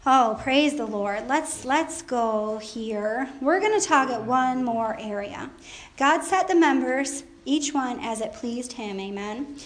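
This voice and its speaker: A woman's voice: on the high side, expressive, slow, roomy sound. A woman preaching a sermon to a congregation, talking in a conversational, emphatic way with asides. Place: church service.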